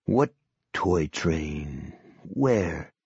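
Guy reading a grim low-key leader, husky, dry and a bit dull sounding. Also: lively intonation, extremely slow, darkish tone, no echo, full character voice. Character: grim, steady male leader.

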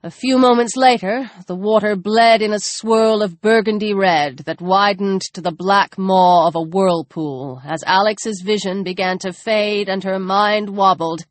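A woman narrating a tense, dramatic novel, dropping her voice low for grim moments. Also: measured pace, hardly any pauses, no room sound. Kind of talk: audiobook narration.

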